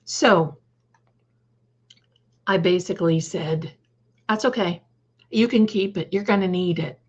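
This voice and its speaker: A woman's voice: lowish voice, slow pace, darkish tone, breathy edge, dull audio. An older woman hosting a live stream, chatting casually, telling a story and greeting viewers by name. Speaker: livestream host.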